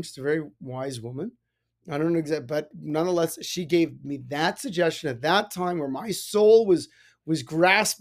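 A man, a rabbi, giving a casual spiritual talk and telling personal stories, animated with many restarts. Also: on the high side. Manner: animated storytelling with frequent restarts and laughs. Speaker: rabbi, podcast host.

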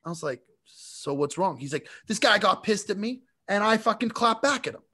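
Animated man telling a story. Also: high-pitched, normal speed, husky. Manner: animated storyteller, laughs a lot. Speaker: podcast co-host. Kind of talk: casual chat, storytelling.

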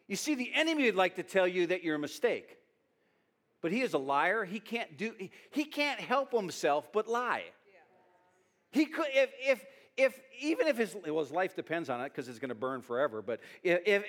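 A man preaching a sermon as pastor, animated, often restarting his words, speaking in a church hall. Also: high voice, normal speed.

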